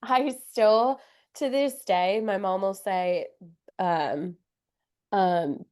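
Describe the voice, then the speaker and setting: Young woman on a podcast, talks slow, giggly and upbeat, lots of likes and ums. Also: mid-range voice, a little mellow. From Wisconsin. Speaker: podcast guest. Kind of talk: casual chat.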